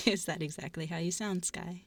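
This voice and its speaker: A woman's voice: lowish voice, steady tone, a little slow, gravelly, fairly bright tone, a little hiss or hum. A woman hosting a livestream, chatting casually in a rambling, sweary way with frequent giggles. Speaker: stream host.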